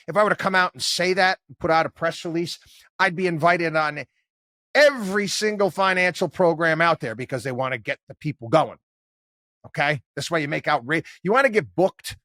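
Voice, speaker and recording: An older man with a bright, ringing tone and a slightly higher voice than most men talks loosely through a podcast monologue. He rambles, restarts his sentences and drops in plenty of fillers, staying plain-spoken and wry throughout. The sound is dry and close, with no room around it. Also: expressive, brisk, no echo. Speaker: podcast host and financial commentator. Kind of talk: casual monologue.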